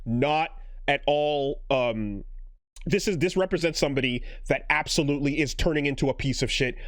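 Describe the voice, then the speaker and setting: A man co-hosting a casual podcast, reacting with quick affirmations and musing aloud. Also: fairly high pitch, no echo, clean studio sound. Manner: lively reactions, frequent backchannel affirmations. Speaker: podcast co-host.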